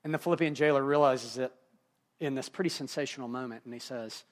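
A male pastor preaching a sermon, swinging between hushed, quiet moments and emphatic, rising passages. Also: medium pitch, quick pace.

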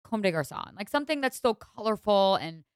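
A young woman hosts a podcast with a smooth, clear voice, recorded close and dry with no room around her. She talks in a lively, exasperated way that tips into gushing, swinging between mock outrage and fond praise. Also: medium pitch, brisk, no room sound. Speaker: podcast host. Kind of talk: casual fashion commentary.

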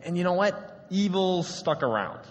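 Preacher guy doing a calm reasonable prophet, casual and persuasive, echoey hall. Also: high-pitched, moderate pace.

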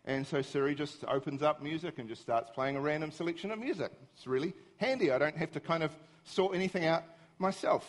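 A middle-aged man giving a humorous, self-mocking storytelling talk to an audience, animated and easily exasperated. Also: a little high, fairly quick. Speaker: speaker.

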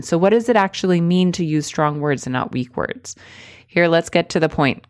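Low-voiced woman giving emphatic career advice. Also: no room sound, clean studio sound. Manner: emphatic, quick asides, laughs at herself. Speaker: career coach. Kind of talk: direct-to-camera career advice.

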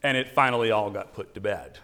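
A man giving a sermon as pastor, telling an animated story with wry asides. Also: fairly low pitch, brisk. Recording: long church reverb.

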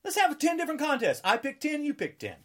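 A man in his sixties rants in a combative, taunting way and keeps hammering the same lines. His pitch swings wildly between high and low as he goes. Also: sing-song, fast talker. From United States. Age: 60s. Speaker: political ranter. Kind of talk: angry political rant.

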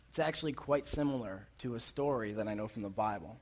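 A man's voice: lowish voice, fast, hardly any pauses, darkish tone. A man giving a casual sermon as a youth pastor, talking conversationally and asking his listeners questions. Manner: conversational, asks the audience questions.

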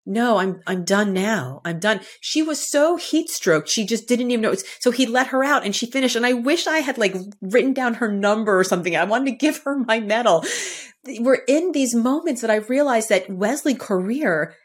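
A woman from the area, a guest on a podcast, telling a personal story in a lively way and acting out the quotes. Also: a little fast. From Boston area, United States. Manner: lively, acts out quotes with shifting pitch. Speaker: podcast guest, author and speaker. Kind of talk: animated storytelling in conversation.

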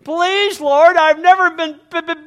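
A man's voice: very high voice, steady tone, measured pace, fairly bright tone, voice pushed up. A preacher voicing Moses as a nervous, whining man who stammers. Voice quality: whiny, stammering.

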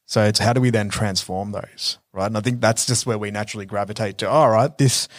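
Man telling stories, low dry voice. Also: steady tone, fast, no echo. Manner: reflective storytelling with many fillers. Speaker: podcast co-host. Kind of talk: casual conversational chat.

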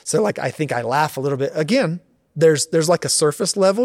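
A man's voice: on the high side, expressive, brisk, darkish tone, no room sound, studio quality. A man in his forties, a pastor, answering interview questions in a reflective, earnest way, thinking aloud.

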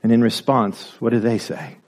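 A man's voice: medium pitch, little pitch movement, normal speed, a little mellow. A man preaching a sermon, driving his points home with repeated rhetorical questions and building to emphatic peaks.

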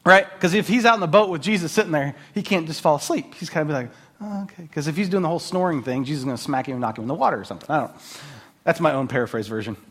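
A man's voice: a little high, racing, breathy edge. A man preaching a conversational sermon as a pastor, telling stories with jokes and laughs and a lot of filler words. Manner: animated, joking storyteller with laughs and filler words.

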